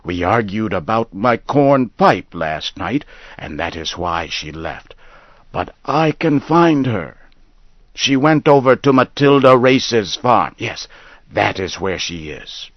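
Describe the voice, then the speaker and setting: Guy reading as a mixed-up old farmer begging to find his wife, lively ups and downs, kinda dull sound. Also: on the low side, slow pace, dry recording, voice pushed up, exaggerated voice. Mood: insistent. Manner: insistent, pleading. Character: confused grieving old farmer man.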